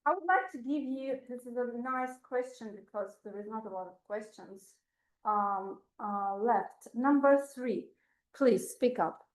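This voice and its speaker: A woman's voice: a little high, a little slow, low-quality recording. A woman with a Russian accent hosting impromptu questions at a speaking club, upbeat with many fillers and laughs. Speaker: table topics master at a speaking club meeting. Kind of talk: live club meeting hosting.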